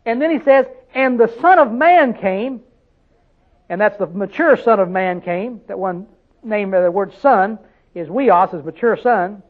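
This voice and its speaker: Man, preacher, very high voice, folksy rhetorical sermon, tinny phone-like recording. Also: expressive, normal speed. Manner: folksy, rhetorical questions, dialect grammar.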